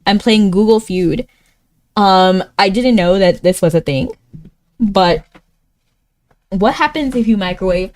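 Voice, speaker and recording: Her pace is measured and she leaves long pauses as she thinks aloud through a word game during a casual live stream. The woman laughs often, her voice springing higher when she's excited.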